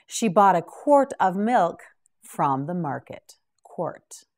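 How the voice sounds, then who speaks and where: Slow, lilting woman teaching vocabulary. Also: lowish voice, big pitch swings, darkish tone. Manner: carefully enunciated, repeats each word for the listener. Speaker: English teacher. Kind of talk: slow vocabulary drill for beginners.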